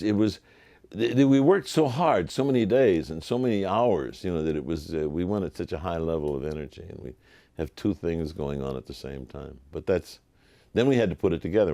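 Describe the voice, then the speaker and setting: An older man, a television producer, telling lively anecdotes in an interview and acting out the voices of people he quotes. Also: a bass voice, dry recording. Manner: animated, acts out quoted voices.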